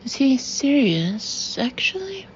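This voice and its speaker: A woman narrating a first-person audiobook in a wry, measured way. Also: high voice, big pitch swings. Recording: dull lo-fi audio with faint hiss.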